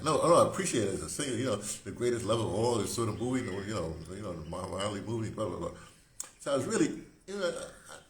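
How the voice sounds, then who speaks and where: A man around seventy, hosting a rambling, casual monologue, often breaking off and circling back mid-thought. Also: fairly low pitch. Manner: digressive, self-interrupting, conversational. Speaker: host. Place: room, indoors. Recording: echoey room with faint hiss.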